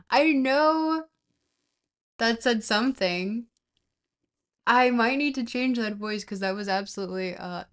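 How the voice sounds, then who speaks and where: A woman livestreamer talks casually to her chat between stretches of reading. She rambles a little, trails off and restarts. Her pitch sits right in the middle of the usual range for a woman. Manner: chatty, trails off and restarts, laughs at herself. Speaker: livestreamer reading a book aloud.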